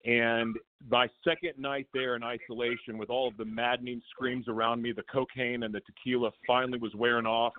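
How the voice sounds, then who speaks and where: A man calls in over a thin, phone-like line, his voice sitting at an ordinary middle pitch. He tells a raw personal story in a rambling, emotional way, often stopping to correct himself. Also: level tone, brisk, hardly any pauses. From Oklahoma. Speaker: guest calling in. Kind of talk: candid personal testimony.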